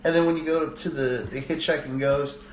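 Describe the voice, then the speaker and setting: A man in his thirties tells a rambling, swear-laden story on a podcast. His voice sits at an ordinary pitch and jumps up when he quotes people. The room rings with echo under a faint hiss. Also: fairly quick. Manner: rambling, profane, animated when quoting others. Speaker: podcast co-host. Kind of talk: casual storytelling chat. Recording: echoey room with faint noise.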